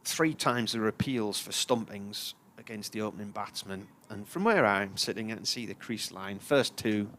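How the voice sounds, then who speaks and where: A man's voice: on the low side, moderate pace, hardly any pauses, fairly bright tone. A man, commentating on live cricket and telling a long, chatty anecdote. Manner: chatty storyteller, puts on voices for characters in his tales.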